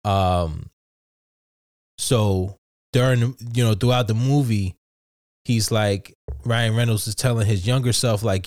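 A man with a fairly low voice tells a story in a loose, excitable way. He swears freely and keeps restarting his sentences. The sound is dry and close. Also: slow pace, long pauses, dry recording. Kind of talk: casual chat.

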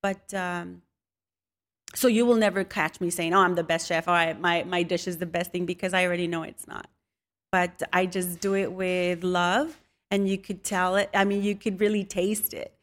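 A woman from a Mexican family talks through her story as an interview guest. She laughs easily and tells animated anecdotes, dropping in Spanish phrases along the way. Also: on the low side, moderate pace. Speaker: guest, home cook with viral videos. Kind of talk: casual interview chat.

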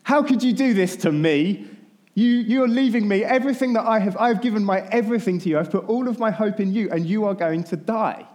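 A desperate grown male disciple cries out in a pitched-up, strained voice, as a preacher acts him out, pleading in panic. He yells rather than speaks, loud and high. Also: fairly quick, close to an everyday voice. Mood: frantic.

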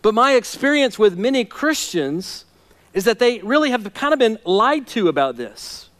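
High-voiced impassioned male pastor preaching. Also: sing-song, moderate pace. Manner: impassioned preaching that swings between hushed and loud, dramatic scripture reading. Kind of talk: sermon.

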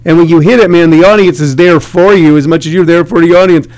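A man's voice: on the high side, steady tone, fast talker, a little mellow. A middle-aged man hosting a casual interview, rambling and joking with many restarts. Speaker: radio host interviewing comedians.

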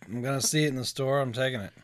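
Podcast co-host, woman, Boston accent, very deep voice, relaxed and chuckling. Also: rapid-fire, background noise. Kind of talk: casual chat.

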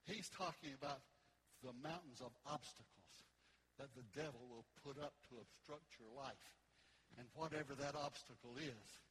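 Breathless high-voiced preaching man. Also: noisy background. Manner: swings from loud preaching to soft sung chorus. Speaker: pastor. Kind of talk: sermon. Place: church.

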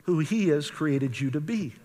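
A man voicing a calm, insistent woman counselor who keeps pressing the same question. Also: a little high, a little slow, voice pushed down. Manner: blunt, patient questioning.

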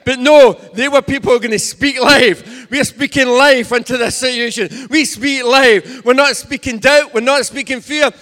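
A man's voice: extremely high pitch, steady tone, moderate pace, few pauses, pushed and bright. A man preaching a sermon as pastor, making emphatic, repetitive declarations in a church. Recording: echoey church hall.

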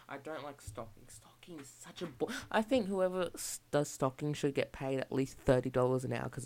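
A woman's voice: sits low, lively intonation, normal speed, a little mellow. A young Australian woman ranting casually about her retail job, rambling and acting out exchanges with customers. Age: young adult. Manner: rambling, chatty, acts out shop exchanges. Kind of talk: casual rant vlog.

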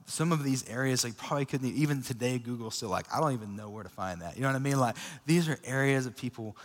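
A young man preaching a sermon as a pastor, telling a personal story in a casual, energetic way with lots of fillers. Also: medium pitch, fast. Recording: long reverb of a church hall.

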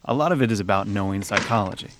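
A man hosting a podcast, talking in a measured, curious way. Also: on the low side, noisy background. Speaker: podcast host. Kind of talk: casual chat.

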